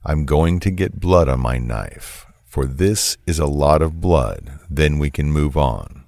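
A cold, menacing controlling man gives orders in a flat, commanding way, as a narrator reads him out. His voice is extremely deep and unhurried. The sound is dry and close. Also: vocal fry, no echo, heavily acted.

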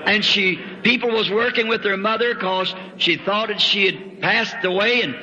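A man's voice: high-pitched, normal speed, pushed and bright. A man preaching a sermon, telling a testimony in a folksy storytelling way with rural grammar. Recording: old lo-fi hall recording with long reverb.

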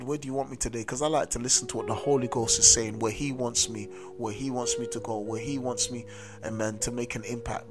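Guy preaching, keeps saying amen and listen to me, music playing under him. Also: medium pitch. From South London. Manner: emphatic, repeats "amen" and "listen to me". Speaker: host and street preacher. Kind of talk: sermon-style testimony.

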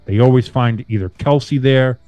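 A man's voice: medium pitch, moderate pace, smooth, no room sound. A man hosting a laid-back sports podcast in a loose, profane way, his voice jumping up for emphasis. He sits close to a dry microphone. Faint music plays underneath. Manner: loose, profane, animated banter. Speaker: podcast host. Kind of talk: casual sports chat.

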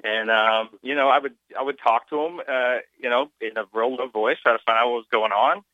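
Man, radio caller, halting and filler-heavy, muffled phone-in audio. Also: medium pitch, fairly even intonation, no room sound. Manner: halting, lots of uh and you know. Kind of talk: phone-in chat.

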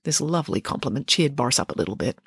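Casting: woman narrator for a children's book, lively melodic reading, close dry mic. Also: very deep voice, racing, breathy edge, no room sound. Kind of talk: audiobook narration.

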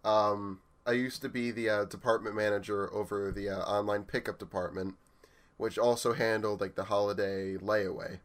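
A man's voice: lowish voice, steady tone, normal speed. A young man in a casual chat, easygoing and wry, often laughing. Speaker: podcast co-host.

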